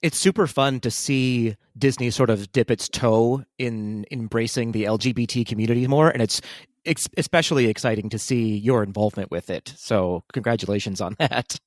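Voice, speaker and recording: A man's voice: medium pitch, moderate pace, dry recording, clean studio sound. A man hosting a podcast interview, asking questions in a casual, chatty way with light laughs. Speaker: podcast host.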